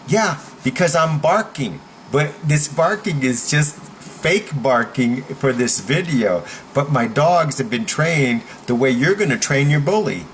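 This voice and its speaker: A man coaches at home, his voice sitting a little high and swinging widely in pitch. He talks slowly and emphatically, pausing to act out firm comebacks. A faint hum of noise sits under the recording. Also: sing-song. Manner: emphatic, demonstrative, switches into loud role-play shouts. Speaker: self-defense and confidence coach. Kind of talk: instructional video talk. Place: at home with his dogs nearby.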